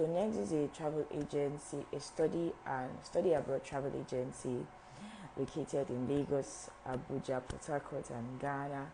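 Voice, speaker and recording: Low-voiced woman hosting a live session. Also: vocal fry, slight background noise, low-quality recording. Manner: repeats and restarts phrases, talks directly to viewers. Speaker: visa officer at a travel agency. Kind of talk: live-stream information session.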